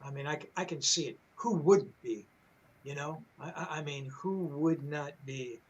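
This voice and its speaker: A man's voice: on the high side, moderate pace, breathy edge, dull audio. An older man, a rock journalist, telling a backstage story in casual, rambling talk, full of swearing, fillers and restarts.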